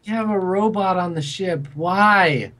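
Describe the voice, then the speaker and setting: A man's voice: high voice, unhurried, sharp tone, voice pushed up. A man voicing a drunk, despairing male ship mechanic who talks in a weepy, slurred way.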